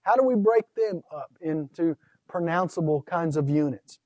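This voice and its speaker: A man teaching Greek pronunciation in a recorded lecture, methodically laying out rules and slowly sounding words out syllable by syllable. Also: fairly high pitch, lively intonation, darkish tone, no room sound, clean studio sound. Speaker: Greek instructor.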